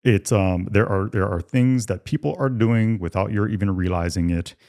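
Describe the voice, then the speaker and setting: A man's voice: fairly low pitch, moderate pace, a little mellow. A man co-hosting a casual podcast, making his points emphatically with rhetorical questions and repeated words. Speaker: podcast co-host.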